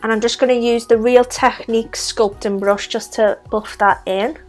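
A woman's voice: fairly high pitch, steady tone, moderate pace, soft background music. A young woman with a Scouse accent, chatting her way through a makeup tutorial step by step. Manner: chatty, talks through each step while applying makeup. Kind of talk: casual makeup tutorial narration.

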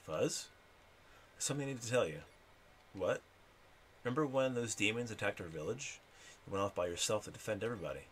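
A man reading the lines of a sick, apologetic mother in a video game, soft-spoken. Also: on the low side, animated, a little fast, pauses often, a little hiss or hum, natural voice. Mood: weary.

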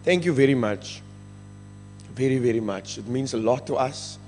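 A man's voice: medium pitch, expressive, moderate pace, a little mellow. Emotional South African man in a church hall. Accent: South African English. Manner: emotional, earnest, switches between English and Afrikaans. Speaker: rehab ministry member giving thanks. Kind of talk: church testimony. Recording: reverberant church hall with faint music.

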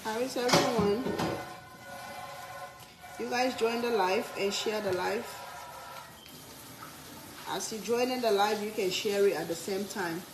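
A woman's voice: mid-range voice, measured pace, long pauses, echoey room, background noise. A woman hosting a cooking livestream, chatting playfully with viewers and laughing often. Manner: playful, laughs a lot, reads comments aloud. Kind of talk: casual live-stream chat.

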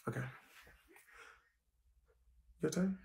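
A young man hosting a casual livestream chat, brash and profane, reading viewer comments aloud and ranting at them. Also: heavy background noise. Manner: brash, profane, quick to rant. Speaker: livestream host.

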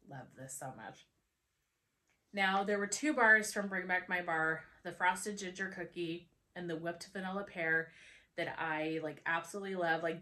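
A woman's voice: fairly low pitch, bright, forceful tone. A woman chatting casually in a product review vlog, talking straight to her viewers in a chatty, enthusiastic way. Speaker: home fragrance vlogger.

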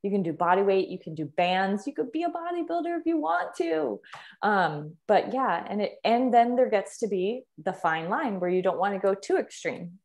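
A woman's voice: medium pitch, lively intonation, moderate pace, darkish tone. A young adult woman, a fitness trainer talking as a podcast guest, speaking with eager emphasis and repeating words for stress. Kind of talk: conversational podcast interview.

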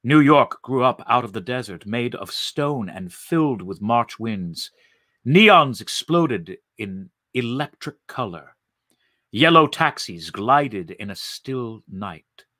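A man reading a story aloud in an expressive, deliberate way. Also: medium pitch, no echo, clean studio sound.

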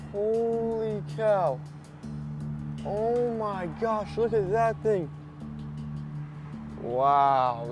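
A man from Florida filming outdoors after a storm, talking straight to his viewers in an amazed, exclaiming way. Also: on the high side. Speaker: vlogger. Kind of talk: on-location vlog commentary. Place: outdoors at home and around town after a storm.

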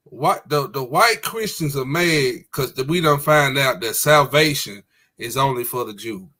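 A man co-hosting an online talk show, preaching with emphatic, drawn-out stresses in a casual call. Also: mid-range voice, lively intonation, bright, forceful tone. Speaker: podcast co-host. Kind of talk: casual religious discussion.

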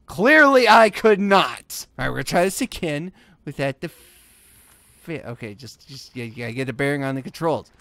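A young man hosting a gaming video, giving casual gameplay commentary and swearing and yelling at the game as he plays. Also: mid-range voice, a little fast, creaky. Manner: excitable, swears and yells at the game.

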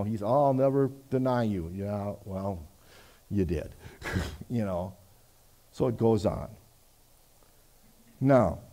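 A man preaching a sermon, reading scripture aloud and adding conversational asides in a church. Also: mid-range voice. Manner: conversational, many "you know" asides, swings between loud reading and quiet reflection. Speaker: pastor.

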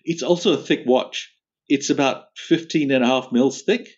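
A man chatting as a podcast guest, relaxed and quick to laugh. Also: medium pitch, husky. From Australia. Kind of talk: casual interview chat. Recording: dull lo-fi audio.

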